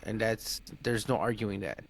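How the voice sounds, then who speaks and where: A man's voice: lowish voice, moderate pace, gravelly, dry recording. A man, an automotive diagnostic technician, talking as a guest in a casual podcast conversation, blunt and emphatic, often restarting his sentences. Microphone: podcast microphone.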